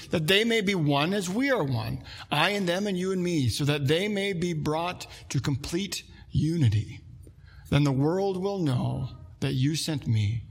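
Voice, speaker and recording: A man's voice: a little high, vocal fry, slightly rough. A man preaching a sermon as pastor, talking in a conversational way and often putting questions to his listeners. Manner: conversational, asks the congregation questions.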